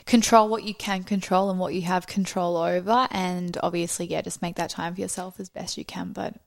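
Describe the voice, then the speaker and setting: A woman's voice: on the low side, flat delivery, a little fast, gravelly, dry recording, studio quality. A young woman co-hosting a podcast in casual chat, upbeat and encouraging. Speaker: podcast co-host.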